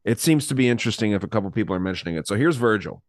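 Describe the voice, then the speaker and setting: A man's voice: lowish voice, animated, rapid-fire, no echo, studio quality. A man hosting a casual podcast chat, rambling and swearing casually while reading from his notes. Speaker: podcast host.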